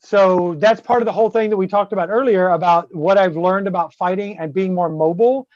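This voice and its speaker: Loud, foul-mouthed Southern man. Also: sits high, fairly even intonation, fairly quick, no echo. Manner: profane, boisterous storyteller. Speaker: guest on a web show. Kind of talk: casual live-stream chat. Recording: slightly dull lo-fi audio.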